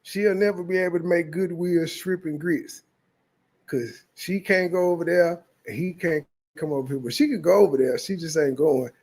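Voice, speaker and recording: A man's voice: fairly high pitch, moderate pace, darkish tone. A man hosting a reaction channel, mocking a clip in blunt, profane commentary. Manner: mocking, blunt, heavy cursing.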